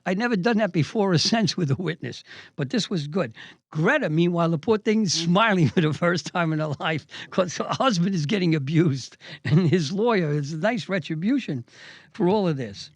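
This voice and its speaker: An older man who is a judge hosts and tells a courtroom story from his trial lawyer days, relishing the exchanges as he acts them out in a lively, anecdotal way. His voice sits high and moves at a moderate pace, with no room sound.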